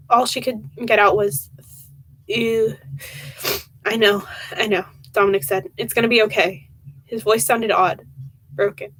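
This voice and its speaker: Young woman, stream book reading, soft emotional delivery, frequent stumbles, fairly high voice. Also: rough recording. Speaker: reader of horror books.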